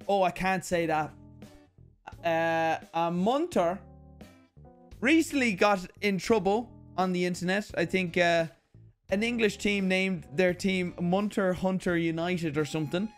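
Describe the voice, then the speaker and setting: A man's voice: high-pitched, expressive, a little slow, faint music behind. An Irish man hosting a casual mail-opening vlog, crude and joking, with lots of swearing. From Ireland. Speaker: YouTube host.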